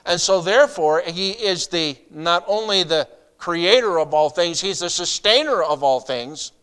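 A middle-aged pastor preaching a sermon in a conversational way, asking the congregation rhetorical questions and adding asides. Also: male voice, sits high, expressive, measured pace, a bit bright, clear, resonant tone.

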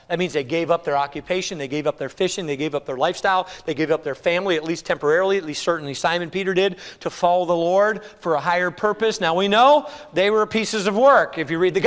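A man preaching an animated sermon, his voice rising to exclamations and then dropping to a hush. His voice is fairly high for a man. The sound rings with long reverb from a large church hall. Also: fast talker, few pauses. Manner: animated, exclamatory, swings between loud and hushed. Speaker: pastor.

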